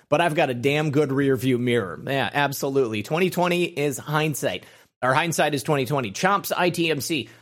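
Casual higher-voiced male stream host. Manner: rambling, reads names with fillers. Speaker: show host reading viewer comments. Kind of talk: casual live-stream chat.

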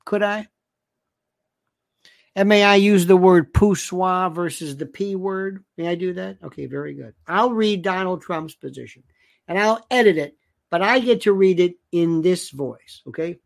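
Sardonic man, casual livestream commentary, slow drawl, gravelly, drops to near-whispers. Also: high voice, dry recording, studio quality. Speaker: livestream host.

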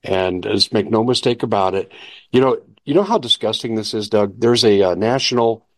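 Argumentative male host with a lowish voice, dry and close, pressing each point. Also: moderate pace, no echo. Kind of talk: political commentary.

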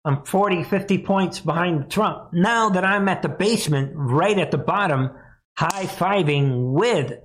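A man's voice: high voice, a little slow, fairly bright tone, pitched above the performer's own voice. A man sarcastically voicing a male politician who boasts about rolling out his campaign from last place. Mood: sarcastic.

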